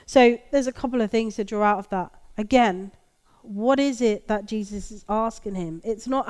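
A woman preaching a sermon, reflective and gently emphatic, reading scripture aloud. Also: medium pitch, normal speed.

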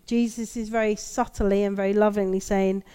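A woman preaching a sermon, reflective and gently emphatic, reading scripture aloud. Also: mid-range voice, little pitch movement, normal speed, clean tone.

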